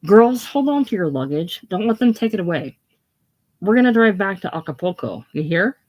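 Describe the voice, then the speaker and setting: A reader doing an enraged woman leading a tour party, her voice pushed higher and louder as she barks commands. It sounds like someone calling across a distance, hot with anger. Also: very animated, normal speed. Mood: furious. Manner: loud, raised, commanding.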